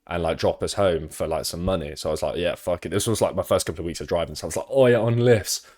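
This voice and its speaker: A man's voice: sits low, steady tone, rapid-fire. A young man with a British accent, chatting casually on stream, rambling through sweary anecdotes.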